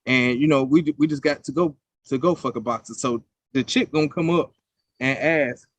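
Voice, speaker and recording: A man's voice: medium pitch, moderate pace, dry recording. A young man co-hosting a podcast, telling stories in a casual, profane, heated way. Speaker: podcast co-host. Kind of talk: casual chat.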